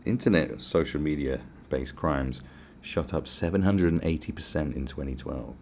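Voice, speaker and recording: A man's voice: very deep voice, moderate pace, a little mellow, slight background noise. A man with a British accent hosting a podcast, ranting in a casual, profane, sarcastic way. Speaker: podcast host.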